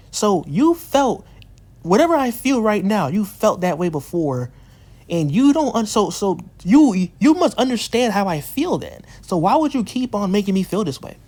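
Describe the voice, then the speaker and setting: A man's voice: sits high, a little mellow. A man talking straight to his viewers in a heated monologue, firing off rhetorical questions, swearing, and repeating himself as he works through his frustration. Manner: restarts and repeats phrases while worked up. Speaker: YouTuber addressing his community.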